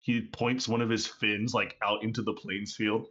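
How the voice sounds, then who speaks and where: A man's voice: lowish voice, flat delivery, normal speed, fairly bright tone. A man narrating a tabletop game as game master, loose and full of fillers, on a dull lo-fi recording. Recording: dull lo-fi audio.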